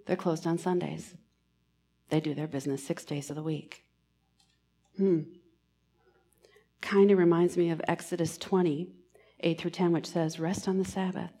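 A woman giving a sermon in church, earnest and pastoral, moving between emphatic lines and hushed, almost whispered ones. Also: on the low side, steady tone, moderate pace, long pauses, breathy edge. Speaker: preacher.

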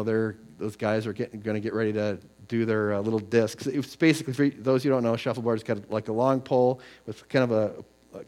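A middle-aged man preaching a sermon, moving between conversational storytelling and emphatic scripture reading. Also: medium pitch. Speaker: pastor.

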